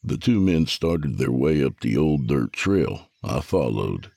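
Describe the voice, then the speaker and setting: A man tells a first-person story in a very low, gravelly voice with a husky edge. The recording is dry and close, with no room sound at all. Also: very animated, unhurried, warm tone, dry recording. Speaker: narrator.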